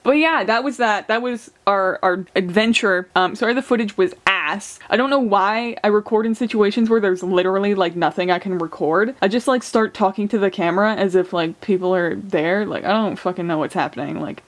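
A woman's voice: medium pitch, a little fast, hardly any pauses. A young woman from Canada narrating her summer footage in a casual, sweary, rambling voice-over. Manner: sweary, rambling, self-mocking. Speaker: vlogger.

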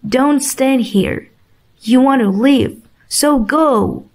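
Lady reading as a proud little flower, slow storybook voice, kinda high. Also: darkish tone, heavily acted. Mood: curt. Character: proud delicate flower, female, hiding tears.

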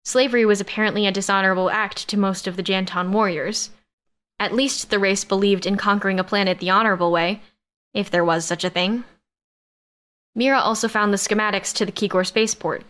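A woman reads a first-person science-fiction romance audiobook in a steady, expressive narration. Her voice sits at an ordinary mid pitch and keeps an even storytelling flow.

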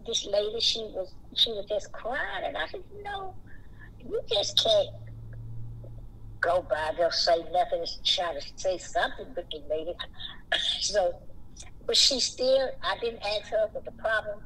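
Lively storytelling woman, faint hum. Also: measured pace, low-quality recording. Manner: lively storyteller who acts out greetings in a high voice. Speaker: podcast co-host. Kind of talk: casual faith chat.

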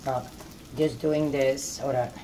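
Her voice is a warm, rumbling low, steady in tone and slow, with a little hiss or hum behind it. She's a middle-aged woman chatting and rambling through a casual home-kitchen cooking video, often asking "you know what I'm saying?"

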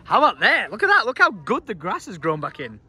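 A high, bright male voice, full of playful teasing. He swings his pitch up and down all the time, a young vlogger chatting casually behind a handheld camera. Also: brisk. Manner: playful, joking, animated. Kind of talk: casual vlog chat.

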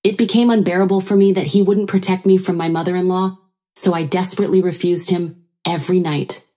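A woman narrating a first-person story in a steady storytelling delivery. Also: lowish voice, brisk.

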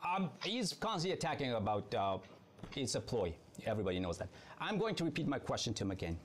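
A man's voice: mid-range voice, sing-song, quick pace, a little hiss or hum. A man in a heated online debate, insistent and questioning, often stopping and restarting his sentences.

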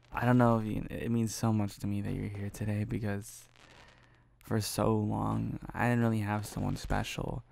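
A young man in a soft, affectionate whispered role-play, talking close to the mic and laughing often. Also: on the low side, gravelly, slight background noise. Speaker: ASMR boyfriend role-play creator.

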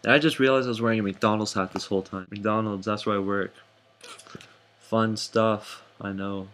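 A young man casually recapping hockey games for his vlog, jokey and excitable, with sudden high whoops. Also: normal speed. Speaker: hockey fan vlogger.

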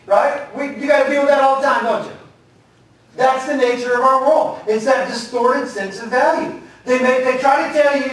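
A man's voice: very high-pitched, moderate pace, a bit bright. A male pastor preaching a conversational sermon, telling jokes and stories. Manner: conversational, joking storyteller. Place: church sanctuary. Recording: echoey hall, distant mic.

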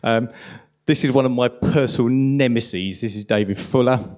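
A man with a strong London accent giving an impassioned, indignant conference talk at a rapid pace. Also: medium pitch, darkish tone. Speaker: conference speaker.

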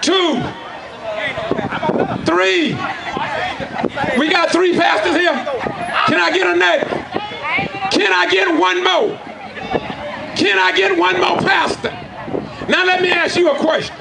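A middle-aged man giving an impassioned preacher-style speech, shouting and calling out questions to the crowd. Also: very high-pitched, steady tone, measured pace, gravelly, pauses often, background noise. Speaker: community speaker. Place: outdoors at a community gathering. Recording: loud crowd outdoors.

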